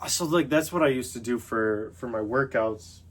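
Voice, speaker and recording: A man's voice: mid-range voice, moderate pace. Rambling young man on gym talk. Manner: loose, filler-heavy, self-mocking. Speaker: fitness vlogger. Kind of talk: casual rambling monologue.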